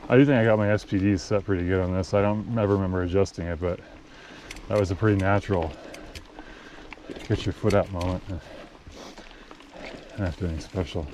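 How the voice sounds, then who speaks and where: Rambling low-voiced male trail rider, loose and profane, with a helmet-cam sound. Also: fairly even intonation, fairly quick, long pauses, slight background noise. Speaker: mountain biker. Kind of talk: casual chat while riding. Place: outdoors on a forest trail.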